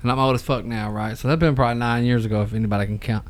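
A man in his thirties chatting as a podcast co-host, loose and profane, quick to crack a joke at his own expense. His voice sits at an ordinary middle pitch. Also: steady tone. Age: 30s. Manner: profane, laughing, self-mocking. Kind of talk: casual chat.

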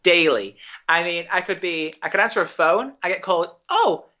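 A young Englishman with a high, bright, pushed voice talks a little fast, his mixed accent hard to place. As a guest on a casual podcast, he jokes and rambles with plenty of fillers, and the audio sounds dull.

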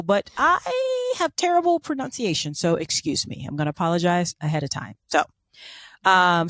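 A woman's voice: on the low side, dry recording, clean studio sound. A woman co-hosting a podcast, telling a life story in casual, irreverent chat. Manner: chatty and irreverent, apologetic about pronunciation. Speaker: podcast co-host.

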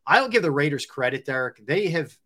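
A man's voice: on the high side, lively intonation, fairly quick, pushed and bright. A man co-hosting a sports talk show, talking conversationally and reeling off player stats with plenty of "you know" and "um". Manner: conversational, rattles off stats, many fillers. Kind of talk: casual sports radio chat.

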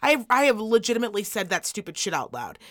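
A woman co-hosting a podcast, telling stories in casual chat, animated and swearing freely. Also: mid-range voice, quick pace. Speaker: podcast co-host.

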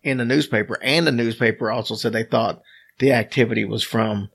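Gravelly-voiced man telling a story. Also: mid-range voice, fairly even intonation, brisk. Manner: wry, joking, recounts a story from his notes. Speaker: podcast co-host. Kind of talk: casual storytelling chat.

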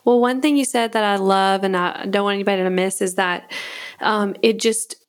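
A woman's voice: mid-range voice, steady tone, normal speed. Affirming woman interviewer. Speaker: interviewer and host. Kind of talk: interview questions.

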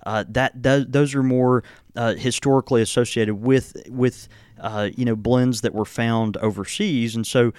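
A man's voice: mid-range voice, steady tone, normal speed, darkish tone, clear, resonant tone, no echo, studio quality. An American man hosting a pipe tobacco podcast, rambling with many fillers and restarts. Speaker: pipe tobacco shop host. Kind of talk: casual podcast chat.

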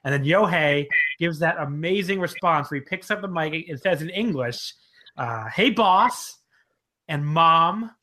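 A man's voice: a little high, normal speed, sharp tone, low-quality recording. A man co-hosting a casual wrestling podcast, rambling with many fillers and self-corrections. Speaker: podcast co-host.

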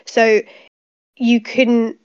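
An exasperated woman rambles through a casual chat and swears freely. Her voice sits a little high. It comes through a dull, lo-fi mic. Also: little pitch movement, drawn-out words, a little mellow, smooth. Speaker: podcast co-host.

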